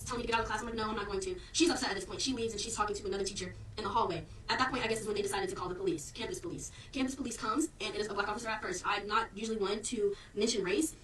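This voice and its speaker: A young woman student rapidly and defensively recounting an incident to her followers. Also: mid-range voice, fairly bright tone, roomy sound, far from the mic, rough recording. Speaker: student telling her story. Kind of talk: storytime recounting events to followers.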